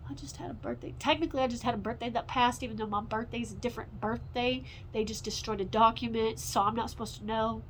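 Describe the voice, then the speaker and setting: A woman in her forties ranting in an unscripted, profane monologue, rambling and swinging between loud outbursts and low mutters. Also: steady tone, quick pace, hardly any pauses, slight background noise, low-quality recording. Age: 40s.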